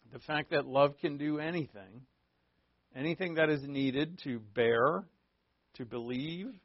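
Bible class teacher, man, conversational and repetitive, somewhat high-pitched, muffled close recording. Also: no room sound. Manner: conversational, repetitive emphasis, frequent fillers. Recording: dull, dry, lo-fi recording.

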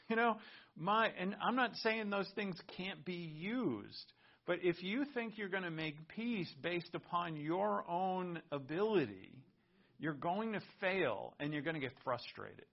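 A man's voice: high-pitched, expressive, a little slow, gravelly. A man preaching a sermon, reading scripture aloud and explaining it in an earnest teaching tone. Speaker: pastor. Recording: muffled lo-fi recording.

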